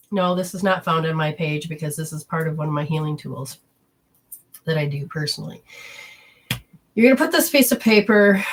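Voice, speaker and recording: In a casual teaching talk on spiritual healing, a woman speaks straight to her audience. Her voice is deep, and she explains the steps in a meandering, instructive way.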